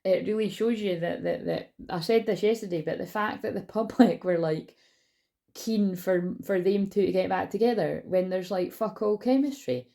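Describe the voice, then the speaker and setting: A woman's voice: medium pitch, normal speed, creaky, warm tone. A woman giving a casual tarot reading on her vlog, rambling and chatty, swearing casually and often losing her train of thought, recorded on a phone. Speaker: tarot reader.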